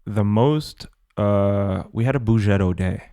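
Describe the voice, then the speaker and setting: A man co-hosting a podcast in relaxed, friendly, rambling chat. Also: fairly low pitch, measured pace, clear, resonant tone, no echo, studio quality. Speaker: podcast co-host. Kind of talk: casual chat.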